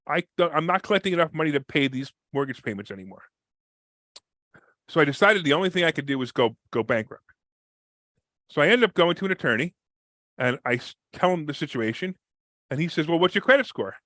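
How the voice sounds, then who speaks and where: A real estate investor appearing on a podcast interview tells a story with lively energy, speaking fast. He acts out the people in it with big pitch jumps, and the recording has no echo.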